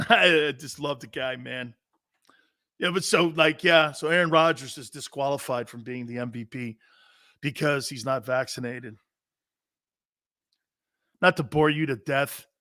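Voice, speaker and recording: A middle-aged man hosting a sports talk show, rambling and telling stories with loud bursts and laughter. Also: mid-range voice, a little slow, long pauses, no room sound, clean studio sound. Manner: loud, excitable, storytelling with bursts of shouting and laughter.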